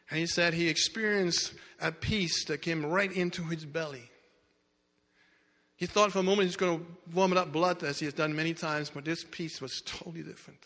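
A man's voice: on the high side, steady tone, moderate pace, pushed and bright. A man preaching a sermon, telling a story dramatically with emphatic restarts. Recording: echoey hall reverb.

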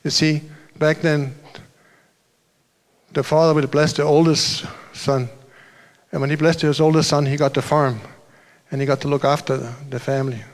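A male pastor delivers a sermon in an informal, storytelling way, circling back and correcting himself as he goes. His speaking voice sits a little higher than most men's. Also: level tone, normal speed. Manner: loose storytelling, restarts and asides.

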